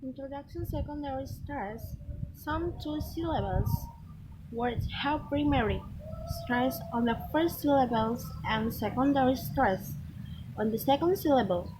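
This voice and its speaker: Slow-reading woman with background noise. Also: high-pitched. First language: Malay. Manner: slow, careful reading with restarts and slips. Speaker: student reading a pronunciation lesson. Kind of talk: reading a textbook aloud.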